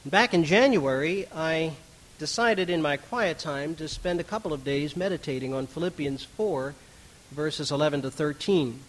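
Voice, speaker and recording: Middle-aged man as pastor, chatty animated sermon delivery, slightly high voice. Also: normal speed, slight background noise, poor audio. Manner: conversational, animated preaching with asides.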